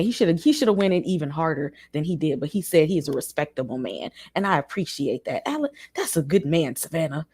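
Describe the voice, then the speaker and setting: A woman with a low voice joins a casual recap chat as a guest. Her pitch swings widely as she makes emphatic, exclamatory remarks and laughs easily. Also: animated, quick pace, hardly any pauses, a little mellow. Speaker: guest panelist.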